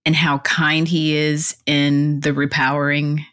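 This clarity coach and fitness instructor is being interviewed on a podcast, her low-pitched voice moving at a slow pace. She's a lively, casual storyteller who laughs a lot and performs the quotes she recounts.

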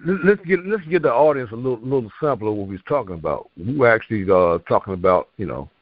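A man's voice: medium pitch, animated, quick pace, dry recording, phone-quality sound. A man co-hosting a poetry show, delivering a comic spoken-word poem in a rhythmic, rhyming way and then chatting casually. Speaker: co-host and poet.

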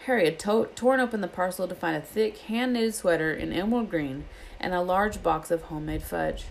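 A woman with a lower voice reads a children's book aloud, switching into lively voices for the characters as she goes. There is faint background noise behind her. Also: fairly quick, creaky, rough recording. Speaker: reader. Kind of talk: audiobook reading aloud.

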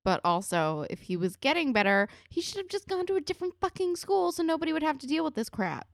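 A woman with a fairly high, lively voice that swings up and down. She talks as a podcast co-host, opinionated and musing, with lots of fillers. The recording is dry. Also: fast, gravelly, no room sound. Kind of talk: casual recap chat.

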